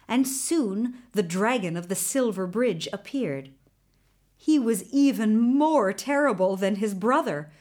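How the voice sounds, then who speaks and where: Unhurried, expressive woman storyteller. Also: a little high. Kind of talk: storybook narration.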